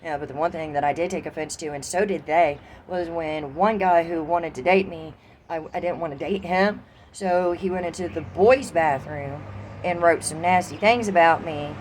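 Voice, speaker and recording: A woman's voice: low voice, normal speed. A woman with a Southern US accent rambling through a casual, profanity-laced monologue outdoors in the wind. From Southern United States. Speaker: vlogger.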